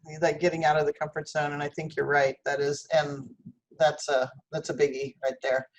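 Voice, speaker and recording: A woman's voice: low-pitched, level tone, brisk. A woman hosting a casual interview, giving brief encouraging responses. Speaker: host.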